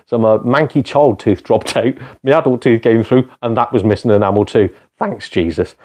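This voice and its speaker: A man's voice: fairly low pitch, normal speed, warm tone. A British man hosting a casual gaming live stream, rambling and joking with heavy swearing. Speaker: retro games streamer.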